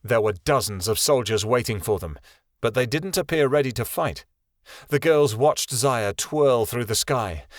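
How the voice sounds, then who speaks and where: Male fantasy narrator, steady and even, mid pitch, dry booth sound. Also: a little slow, no echo. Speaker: audiobook narrator. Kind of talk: scripted narration.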